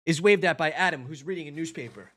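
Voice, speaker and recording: A man's voice: on the high side, quick pace, fairly bright tone. A man casually reading a film script aloud on a stream, playful and jokey. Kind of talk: casual script read-along.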